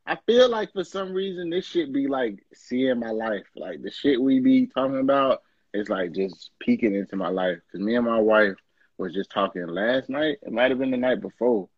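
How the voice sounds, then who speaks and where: A married man co-hosting a podcast, chatting casually and reflecting in a relaxed storytelling way. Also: medium pitch, moderate pace, breathy edge, no echo, dull audio. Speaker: podcast co-host. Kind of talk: casual chat.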